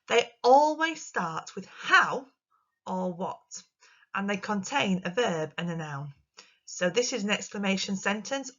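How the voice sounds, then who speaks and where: A woman's voice: mid-range voice, a bit bright. Female primary teacher, recorded lesson for little ones, bouncy sing-song delivery, muffled lo-fi sound. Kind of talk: recorded remote lesson for young children.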